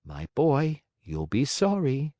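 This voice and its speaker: Brief: patient motherly fairy, gentle and soothing, voiced by a man, storybook reading. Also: mid-range voice, huge pitch swings, slow pace, no echo, studio quality, voice pushed up. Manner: soft, patient, coaxing. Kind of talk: audiobook character voice.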